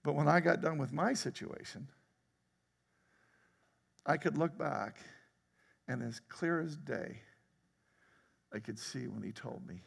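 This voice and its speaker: A man preaching a sermon as pastor, talking conversationally, laughing often and breaking into sudden loud outbursts. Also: medium pitch, gravelly, breathy edge, big-room sound. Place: church sanctuary.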